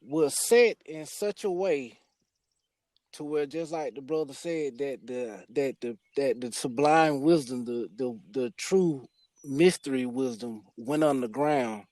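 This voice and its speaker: A man's voice: medium pitch, takes it slowly, a little mellow, no echo. A man hosting a talk show, preaching emphatically and often restarting his sentences. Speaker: host. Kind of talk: spiritual discussion.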